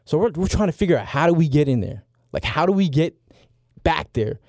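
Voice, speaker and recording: A man in his forties, a podcast regular, telling a story in a lively, excitable way with many fillers. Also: a little high, a little fast, no echo, clean studio sound. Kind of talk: animated storytelling.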